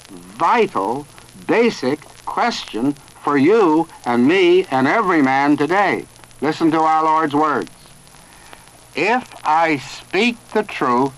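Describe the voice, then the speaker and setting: A man preaching a sermon in a slow, emphatic way with long pauses. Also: on the high side, fairly bright tone, rough recording.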